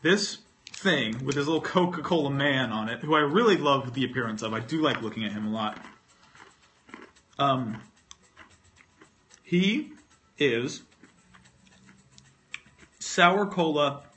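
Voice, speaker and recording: A man's voice: medium pitch, lively intonation, takes it slowly, pauses often, a bit bright, a little hiss or hum. A man chatting casually on a livestream while eating candy, rambling and self-mocking, swearing freely and talking with his mouth full. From North Carolina, US. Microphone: phone.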